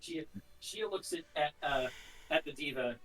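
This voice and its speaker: A man with a somewhat high voice plays in a tabletop game, hesitant and full of fillers. He sounds distant from the mic, with music in the background. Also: wildly swooping pitch, unhurried, a bit bright. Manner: hesitant, stacks fillers and repeats words. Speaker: player. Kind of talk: tabletop game role-play.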